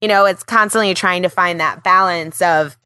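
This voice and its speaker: Chatty woman host, lowish voice. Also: normal speed, pushed and bright, clear, resonant tone, no room sound. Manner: chatty, filler-heavy, laughs easily. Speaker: podcast host. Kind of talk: casual interview chat.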